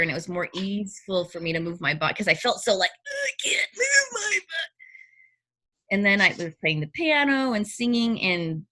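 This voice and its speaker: A middle-aged woman telling a personal story in casual chat, animated and often acting out her own reactions. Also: lowish voice.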